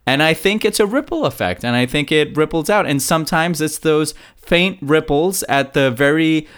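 A man co-hosting a casual podcast chat, rambling and animated, often repeating himself as he builds a point. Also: fairly high pitch, moderate pace, smooth. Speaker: podcast co-host.

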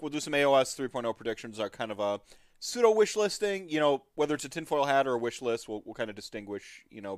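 This podcast host has a smooth, mid-range voice, recorded with clean studio sound and no room noise. He rambles through his casual hobby show in a friendly, upbeat manner, full of filler words and frequent laughter.

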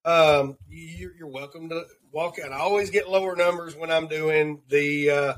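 Earnest Southern man, raised pitch. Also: steady tone, normal speed, a bit bright. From Southern United States. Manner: earnest, rambling, repeats words when searching. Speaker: podcast host. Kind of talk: devotional segment of a talk show.

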